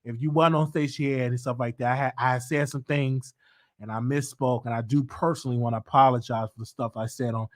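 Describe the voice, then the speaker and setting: A man's voice: medium pitch, fairly even intonation, fairly quick. A man with a Southern US accent hosting his own show, chatting casually and playfully with laughing asides. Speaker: show host. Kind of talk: casual solo commentary.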